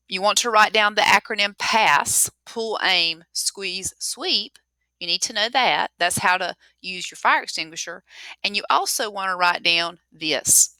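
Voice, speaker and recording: A woman chemistry teacher giving a lesson on lab safety, talking clearly and repeating the key rules for emphasis. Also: mid-range voice, bright, forceful tone, no room sound. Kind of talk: recorded classroom lesson.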